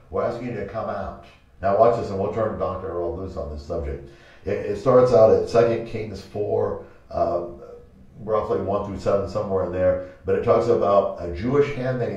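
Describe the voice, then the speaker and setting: A man hosting a pastoral talk show, telling a Bible story in an animated way and acting out the quotes. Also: lowish voice. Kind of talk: preaching talk-show chat. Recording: echoey room, mic from a distance, dull sound.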